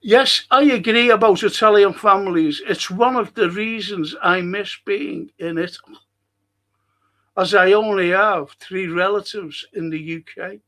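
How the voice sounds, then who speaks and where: A man's voice: high voice, sharp tone. A middle-aged man, hosting a podcast and reading out viewer comments in a rambling, chatty way. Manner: chatty, rambling, frequent restarts and fillers. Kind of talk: casual livestream chat.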